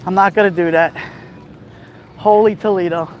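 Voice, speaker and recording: A man with a rough voice and a Brooklyn accent, chatting casually on a live stream as he walks outdoors along a beach. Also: high voice, steady tone, moderate pace, slight background noise. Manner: chatty, gives shout-outs while walking.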